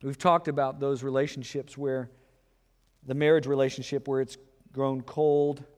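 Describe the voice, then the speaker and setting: A man preaching a sermon, acting out back-and-forth dialogue with lively swings in pitch and loudness. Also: moderate pace, in a large hall. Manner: animated, acts out dialogue with shifts in pitch and loudness. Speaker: pastor.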